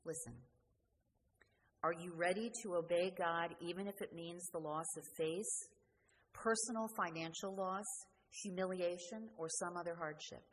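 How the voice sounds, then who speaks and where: Woman preacher, sermon, earnest, slightly low voice, long church reverb, faint hiss. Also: fairly even intonation, moderate pace. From New Jersey. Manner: earnest, questioning, dropping to quiet endings.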